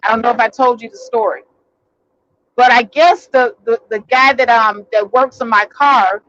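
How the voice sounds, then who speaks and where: A woman's voice: on the high side, moderate pace, fairly bright tone, muffled recording. A woman vlogger telling a personal story in a casual, rambling way, full of fillers and restarts, recorded in a vehicle.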